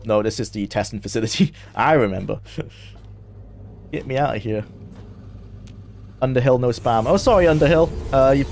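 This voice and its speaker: A young man chatting loosely as he streams a game, rambling and quick to laugh. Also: mid-range voice, a little mellow, a little hiss or hum. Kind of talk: casual live-stream gameplay commentary.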